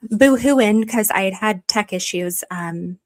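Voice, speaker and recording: A woman's voice: medium pitch, a little slow. A woman hosting a casual livestream, talking straight to her viewers, reading their comments aloud and getting gushing and emotional when they thank her. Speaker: livestream host. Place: warm room at home.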